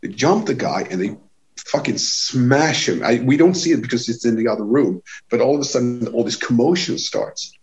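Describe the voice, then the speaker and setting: A man from Sweden telling a tour story in casual chat, animated and swearing, acting out what people said. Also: mid-range voice, normal speed, dull audio. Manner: animated, swearing, acts out quotes with raised voice. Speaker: touring musician telling a story.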